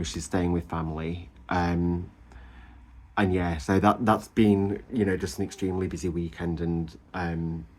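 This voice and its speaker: A man, chatting casually to camera in a gushing, animated way, full of ums and little laughs. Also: sits low. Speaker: vlogger. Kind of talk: casual chatty weight-loss update.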